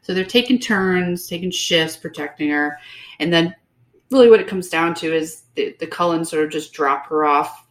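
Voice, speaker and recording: Brief: sardonic woman co-host, lower-pitched voice, animated recap full of fillers and sarcasm. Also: normal speed. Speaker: podcast co-host. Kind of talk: casual book-review chat.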